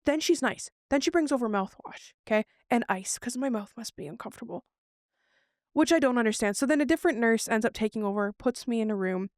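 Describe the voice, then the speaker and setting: Animated woman telling a story, fairly high voice. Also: fairly quick, dry recording, studio quality. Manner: animated, acts out what others said. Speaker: podcast co-host. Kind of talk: casual chat, personal storytelling.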